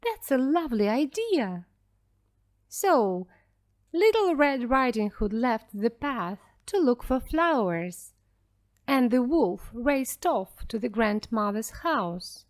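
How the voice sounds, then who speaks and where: Slow, clear woman reading a story. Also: on the high side, very animated. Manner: clear and deliberate. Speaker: narrator. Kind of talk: slow storybook narration for English learners.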